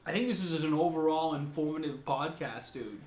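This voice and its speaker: A man co-hosting a podcast in casual chat, telling stories in a lively way and swearing freely. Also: fairly high pitch, moderate pace. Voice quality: swears a lot, animated storytelling. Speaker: podcast co-host. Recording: echoey room, faint noise.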